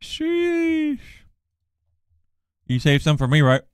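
Smooth-voiced, unhurried male game streamer. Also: no echo, studio quality. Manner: drowsy low-key mumbling that flares into loud excited outbursts; playful teasing. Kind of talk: casual live-stream banter.

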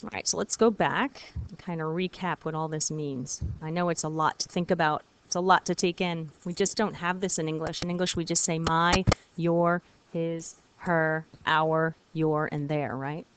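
A woman French teacher giving a recorded video lesson, patient and encouraging, repeating words slowly for her students. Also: deep voice, steady tone, a little hiss or hum.

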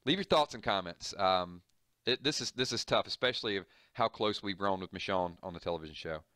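A man's voice: low voice, a little fast, pushed and bright, dry recording, clean studio sound. A man reading a comic book aloud and explaining it, moving from the panels to casual, serious commentary.

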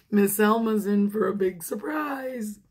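A woman pastor reading a picture book aloud to children, animated, laughing often and talking to her listeners. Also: medium pitch, very slow.

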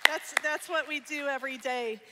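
A woman giving an energetic church talk, sharing personal testimony with laughter and playful asides. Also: high voice, moderate pace, very noisy. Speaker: guest speaker. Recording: long church hall reverb.

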